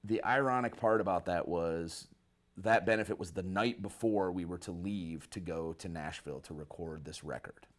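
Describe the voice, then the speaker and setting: A man from Michigan, a guest musician, telling a story casually in an interview, animated and loose with slang. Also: low-pitched, normal speed. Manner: animated, acts out quoted people with a raised voice, casual slang. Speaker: guest musician, bass player.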